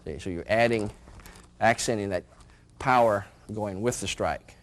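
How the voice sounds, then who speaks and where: Low-voiced man coaching martial arts. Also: unhurried. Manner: calls out moves while performing them; chuckles between counted steps. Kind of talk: demonstrating martial arts moves. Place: indoor training room.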